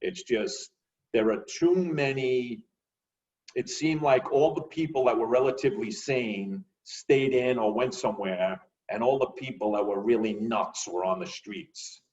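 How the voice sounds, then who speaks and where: A man telling lively stories in a casual conversation. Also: medium pitch, measured pace, far from the mic, dull audio. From New York. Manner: animated, acts out voices in his stories. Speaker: guest.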